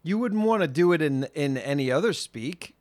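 A man co-hosting a casual podcast chat, animated and playful, reading lines aloud with extra emphasis. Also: a little high, moderate pace, no echo. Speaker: podcast co-host.

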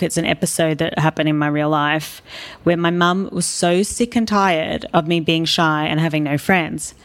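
An Australian woman speaking as an interview guest, telling stories candidly and with animation. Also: on the low side. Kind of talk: casual interview talk.

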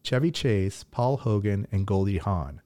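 A man's voice: lowish voice, lively intonation, unhurried, dark tone. A man co-hosting a podcast, teasing and quizzing his partner in casual chat. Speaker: podcast co-host.

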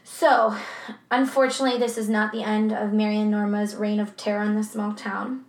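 A woman's voice: mid-range voice, level tone, a little fast, roomy sound. A woman co-hosting a true crime podcast in a casual, swearing, laughing chat. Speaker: podcast co-host.

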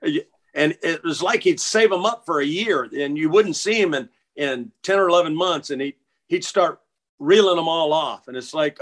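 A middle-aged man with a voice pitched a little above the usual, talking casually and reminiscing. He stumbles and restarts often and repeats words as he searches for the thread. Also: normal speed, fairly bright tone. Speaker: interview guest. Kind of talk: casual storytelling.

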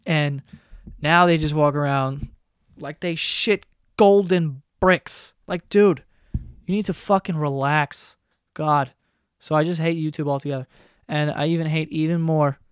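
A man's voice: a little high, a little slow, clean tone, dry recording, studio quality. Profane, ranting male podcast host. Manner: profane, sarcastic, animated ranting. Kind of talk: casual ranting monologue.

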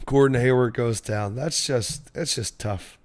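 A young man chatting about sports on a podcast, full of animated stories and casual swearing. His voice sits at an everyday middle pitch. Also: unhurried. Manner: animated storyteller, swears freely.

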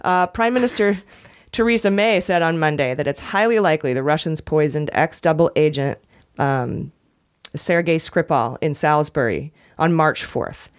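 A woman's voice: deep voice, moderate pace. A woman hosting a casual news podcast, wry and often laughing as she talks. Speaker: podcast host.

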